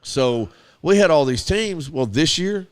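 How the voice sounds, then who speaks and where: A man, hosting a casual podcast and telling animated stories as a youth baseball coach. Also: a little high, unhurried. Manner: animated storyteller who acts out quoted dialogue.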